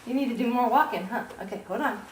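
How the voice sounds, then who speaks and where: A woman's voice: a little high, quick pace. A mother coaxing her baby girl to walk, cooing in baby talk, laughing and close to tears. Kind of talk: home video, coaxing a toddler. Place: living room at home. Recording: echoey room with background noise.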